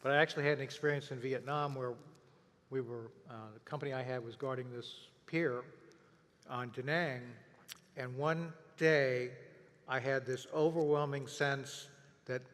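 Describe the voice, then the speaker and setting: A man's voice: medium pitch, steady tone, moderate pace, fairly bright tone, long reverb tail. An older man, interviewer and veteran, speaking in a hesitant, filler-heavy way. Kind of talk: panel conversation. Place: conference stage.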